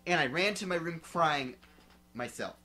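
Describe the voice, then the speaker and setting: A reader drinking malt liquor and giving a mocking dramatic read-aloud, breaking off for sarcastic asides. The delivery is slow and bright, and the pitch swings widely. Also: lively intonation, faint music behind. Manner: sarcastic asides while reading.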